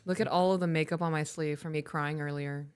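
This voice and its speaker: A woman's voice: deep voice, steady tone, a little fast, a little mellow, clean tone. A woman co-hosting a casual live podcast, candid and blunt, with swearing. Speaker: podcast co-host. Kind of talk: casual live-stream chat.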